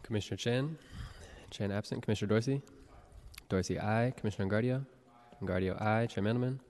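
A man with a fairly low voice reads a roll call and formal announcements as a meeting clerk, brisk and procedural. The room gives his voice a long reverb. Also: a little mellow, slight background noise. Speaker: board clerk. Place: city hall legislative chamber. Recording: long reverb of a large chamber.

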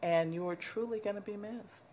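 A woman's voice: medium pitch, moderate pace, darkish tone, slight background noise. A woman chairing a public commission meeting, giving an emotional farewell tribute.

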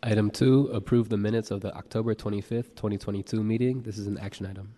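A low-voiced man reads roll call and public notices at a quick clip, his tone dark and mellow. He is a board clerk who keeps things procedural. The sound carries a long reverb from a large council chamber. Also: steady tone. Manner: brisk, procedural reading. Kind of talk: reading roll call and announcements.

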